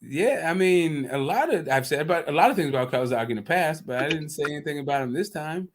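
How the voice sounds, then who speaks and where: A man's voice: fairly high pitch, expressive, fast talker, slight background noise. A man hosting a casual livestream chat about boxing, joking and swearing freely. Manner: joking, loose and profane. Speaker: podcast host.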